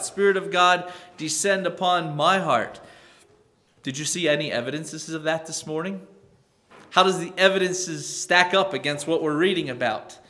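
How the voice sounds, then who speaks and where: A man preaching a sermon to his church in a conversational, musing way, restarting phrases and rising in pitch and volume on key points. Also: fairly bright tone. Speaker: pastor.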